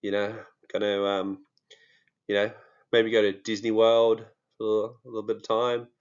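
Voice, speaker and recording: A man's voice: on the low side, completely flat delivery, a little slow, clean tone, muffled recording. A man with an Australian accent, talking casually and jokingly to his viewers, with many fillers. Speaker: true crime vlogger. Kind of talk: casual monologue to camera.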